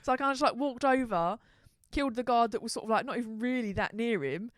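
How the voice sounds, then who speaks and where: A woman's voice: fairly high pitch, fast talker, no room sound, clean studio sound. A woman co-hosting a podcast in casual chat, laughing often, swearing freely and acting out game lines. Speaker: podcast co-host.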